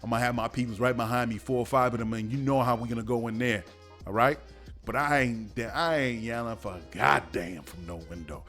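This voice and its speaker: A man hosting a podcast in a casual commentary monologue, profane and heated, moving from calm talk to loud shouting. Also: mid-range voice, brisk, faint music behind. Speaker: podcast host.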